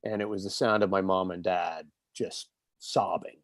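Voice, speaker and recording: A man in his fifties with a lowish voice tells stories as an interview guest, in an earnest and reflective tone. The sound is dry and close, with no room around it. He talks in a loose, casual way. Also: steady tone, normal speed, no echo. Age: 50s. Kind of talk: casual conversational storytelling.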